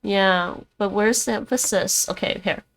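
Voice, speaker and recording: Streamer, female, Dutch native speaker; unhurried, chatty, thinks aloud. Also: mid-range voice, steady tone. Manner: chatty, thinks aloud, repeats words to practice. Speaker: streamer learning languages. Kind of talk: casual livestream language practice.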